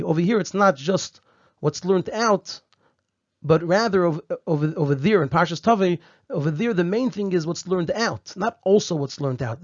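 A man with a fairly high voice works through a Torah text step by step, repeating key phrases and saying Hebrew terms the Ashkenazi way. The recording is dry and a little dull. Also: dry recording. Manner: uses Hebrew and Yiddish terms in Ashkenazi pronunciation. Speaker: Torah teacher. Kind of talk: explaining a Torah text line by line.

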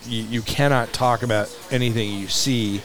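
A man who runs a museum, a podcast guest telling a lively story in a casual way, acting out what people said and laughing often. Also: mid-range voice, normal speed. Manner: animated, acts out dialogue, laughs often.

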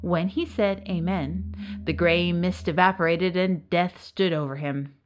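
A woman narrating a serialized folk tale with lively, expressive storytelling. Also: on the low side, measured pace, slight background noise. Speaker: narrator and author.

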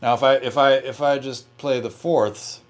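A man, a guitarist, explaining his practice approach in a relaxed interview, with loose phrasing, restarts and frequent "you know"s. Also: medium pitch, normal speed, over loud music.

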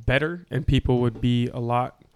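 A man's voice: medium pitch, moderate pace, darkish tone, clean tone. A man co-hosting a casual podcast chat, talking emphatically and checking in with "right?" as he explains his point. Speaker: podcast co-host.

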